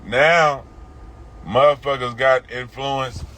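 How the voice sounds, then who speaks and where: A man's voice: mid-range voice, steady tone, slow pace, bright, forceful tone, rough recording. A man with a Houston accent hosting a casual livestream from his car while driving, in laid-back, profane, rambling street talk. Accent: Houston, Texas. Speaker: livestream host. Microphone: phone.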